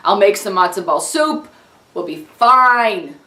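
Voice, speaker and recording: A woman voicing a doting Long Island woman who gushes slowly and uses Yiddish words. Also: mid-range voice, lively intonation, sharp tone, echoey room, recorded from a distance. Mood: gushing. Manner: drawn-out gushing, Yiddish words. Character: doting Long Island Jewish grandmother type, gushing.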